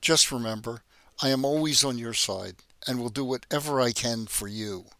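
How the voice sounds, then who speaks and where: A man voicing a guarded, sharp-witted young woman working as a hotel maid. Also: medium pitch, moderate pace, no echo, natural voice. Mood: tender resolve. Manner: polite, composed, quietly defiant.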